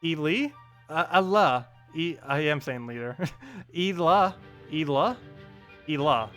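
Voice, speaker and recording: A man's voice: fairly high pitch, animated, slow, pauses often, fairly bright tone. A man streaming a game live, chatting casually and playfully, often breaking into laughter. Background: game music.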